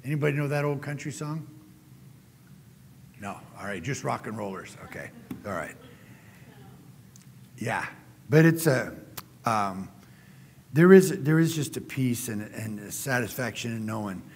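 A middle-aged man preaching a sermon as a guest speaker, telling folksy stories and getting animated when he quotes people. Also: mid-range voice, unhurried, long pauses, slight background noise. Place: church sanctuary. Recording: church hall reverb.

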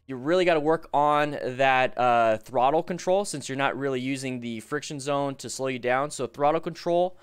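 Male live-stream host, mid pitch, smooth resonant tone, chatty advice-giver. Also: moderate pace, few pauses. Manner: chatty, reads viewer questions and gives riding advice; upbeat, hypes the chat for likes. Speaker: live-stream host reviewing motorcycle videos. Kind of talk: casual live-stream commentary.

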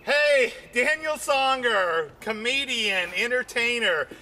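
A man doing a rambling stand-up comedy routine, repeating himself and leaning on "you know", his voice jumping higher whenever he gets excited. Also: slow. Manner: voice jumps high when excited.

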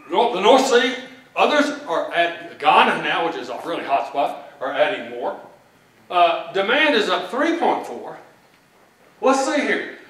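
An economist from Texas, with a Texan accent and a high, slightly bright voice, delivers a folksy, plain-spoken keynote full of jokes at a conference. He's in a large event hall, recorded from far off with echo.

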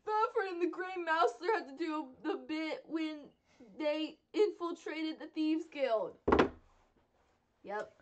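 A woman's voice: high voice, expressive, slow pace, dull audio, a little hiss or hum. A woman co-hosting a casual tabletop-game podcast, reading out listener questions. She giggles often and stumbles over words.

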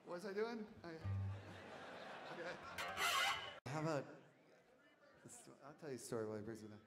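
A middle-aged man telling a rambling story on stage between songs, laughing and swinging from mumbles to shouts. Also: a little high, sing-song, normal speed, loud music behind the voice. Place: live concert venue. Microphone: stage mic, audience tape. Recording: audience taper recording, faint hiss.

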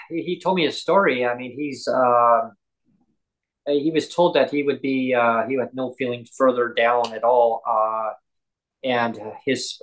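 A man chatting casually on a podcast, telling stories in a halting, rambling way with many ums and restarts. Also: medium pitch, low-quality recording. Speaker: podcast host and guest. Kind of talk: casual chat.

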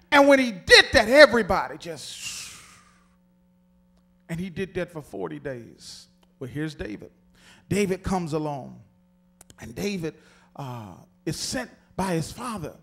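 Male pastor, very high voice, animated sermon, calls out to the congregation. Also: measured pace.

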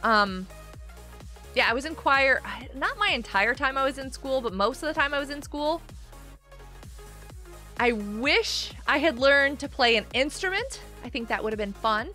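Woman, high bright voice, lively and bubbly, casual gaming stream chat, faint music behind. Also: moderate pace. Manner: bubbly, giggly, reads chat aloud. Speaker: livestream host.

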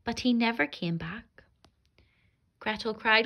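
A woman, a primary school teacher, reading a rhyming fairy tale aloud to young children in an expressive, sing-song way. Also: medium pitch, normal speed, muffled recording.

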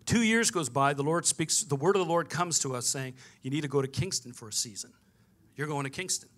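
A man's voice: on the high side, a little fast, fairly bright tone. A man, preaching a sermon and telling a personal story with quoted dialogue. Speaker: pastor.

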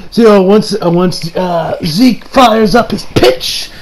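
A man giving a casual anime episode review, excitable and swearing, recapping scenes with mock quotes. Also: sits high, takes it slowly, background noise.

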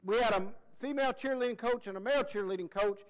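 Preacher guy, real high voice, folksy and fired up, shouts now and then. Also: fast, rough recording. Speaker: pastor. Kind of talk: sermon.

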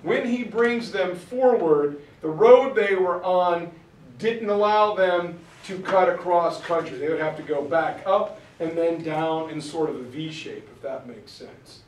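A man giving an informal history lecture from a map, telling it as a story, acting out quotes and clearing his throat now and then. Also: high voice, unhurried, far from the mic, a little hiss or hum. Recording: roomy sound from off-mic.

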